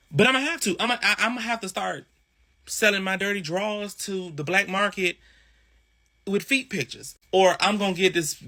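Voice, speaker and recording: Bright, animated man ranting about money. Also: high voice. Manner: exasperated, profane, repetitive stammering. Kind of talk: ranting social media clip.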